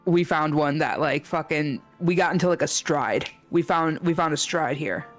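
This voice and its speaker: A young woman co-streaming, chatting casually in a relaxed, rambling way with hesitant restarts. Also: sits low, moderate pace, faint music behind. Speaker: co-streamer guest. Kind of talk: casual livestream chat.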